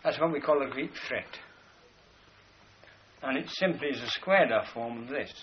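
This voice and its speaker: In a dull, lo-fi recording carrying faint hiss, a man wanders through a philosophical lecture, gesturing at drawings to illustrate his points. His pitch is medium and his pace moderate.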